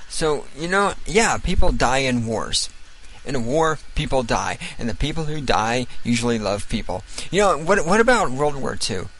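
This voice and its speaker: A man's voice: medium pitch, expressive, moderate pace, a bit bright, poor audio. A young man talks over a film as he watches it, sarcastic and swearing at almost every turn. His voice sits in a plain middle register, and he rants in a casual, mocking way. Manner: sarcastic, ranting, swears constantly. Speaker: podcast host giving film commentary. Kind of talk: profane sarcastic running commentary.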